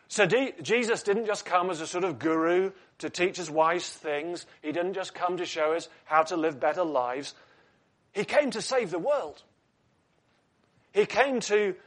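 A man preaching a sermon with a voice pitched a little above the usual male range. He teaches earnestly, stops to ask his listeners rhetorical questions, and slips in light asides. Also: a bit bright.

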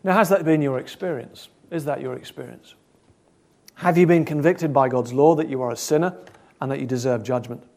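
A man preaching a sermon, earnest, asking probing questions and swinging between loud and soft. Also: medium pitch, brisk.

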